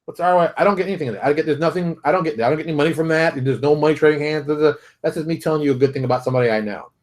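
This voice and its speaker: A man hosting his own show, talking straight to viewers in a fired-up, preachy rant full of rapid rhetorical questions. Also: on the high side. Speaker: show host. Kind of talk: animated solo commentary.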